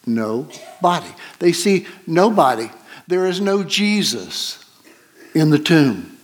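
Slow, halting male preacher. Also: fairly high pitch, sing-song. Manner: slow, halting storytelling with many pauses and fillers. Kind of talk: sermon.

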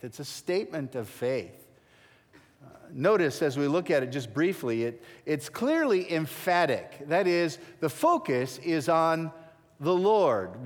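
A man preaching a sermon as pastor, emphatic, with dramatic drops to a near hush at the ends of phrases. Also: a little high. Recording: long reverb of a large hall.

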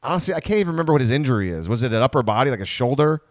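A man's voice: medium pitch, animated, dry recording, studio quality. A man hosting a casual sports podcast, rambling and correcting himself as he talks through the team. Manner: rambling, self-correcting, quick asides. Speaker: podcast host.

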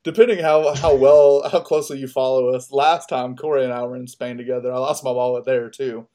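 A man in casual podcast chat, spinning a long story in a loose, profane way. His voice sits at an ordinary middle pitch, and he laughs at his own misfortunes as he goes. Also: steady tone, a little fast, dark tone. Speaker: podcast co-host.

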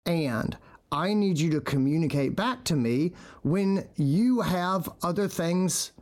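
A man's voice: on the high side, lively intonation, slow pace, a little mellow. A middle-aged man, a veterinarian podcast host, telling stories in casual chat and acting out quotes with animation.

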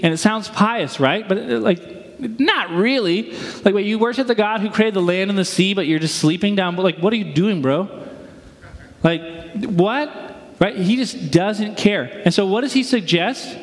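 Casting: male pastor, casual preaching full of rhetorical questions, high voice, long hall reverb. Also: moderate pace. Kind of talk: sermon.

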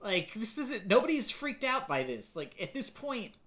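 A podcast co-host chatting casually about a movie, animated and swearing as they act out lines from it. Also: mid-range voice, normal speed. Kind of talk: casual movie-review chat.

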